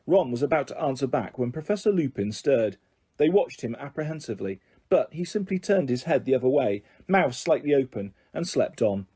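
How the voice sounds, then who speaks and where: A man reading an audiobook aloud in a steady storytelling voice. His tone is mellow and slightly husky, sitting a bit higher than most men's. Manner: steady storytelling with small slips. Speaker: audiobook narrator. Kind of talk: audiobook narration.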